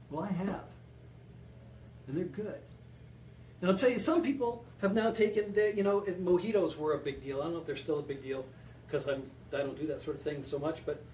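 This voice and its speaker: A man hosts a home cocktail show, joking and rambling as he mixes a drink and chats with his viewers. His voice sits high for a man. He sounds set back from the mic in a roomy, echoing space with a faint hiss behind him. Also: darkish tone. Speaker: home bartending show host. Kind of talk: joking casual cocktail demo. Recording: echoey room, distant mic.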